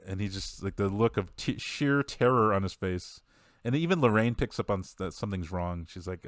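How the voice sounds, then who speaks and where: Deep-voiced man recapping a movie. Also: animated, moderate pace, no echo, clean studio sound. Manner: rambling, laughing, acts out quotes. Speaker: podcast co-host.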